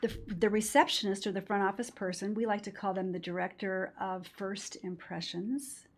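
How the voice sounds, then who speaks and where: A woman's voice: mid-range voice, flat delivery, normal speed. Woman, patient-experience trainer, emphatic, explanatory, interview talk. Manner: emphatic, explanatory, with quoted voices. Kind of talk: interview conversation.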